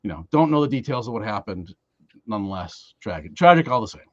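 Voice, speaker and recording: A man hosting a local podcast, talking in a rambling, halting way with many fillers and restarts. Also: lowish voice, sing-song, no echo. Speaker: podcast host. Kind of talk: casual podcast chat. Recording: dry, dull lo-fi sound.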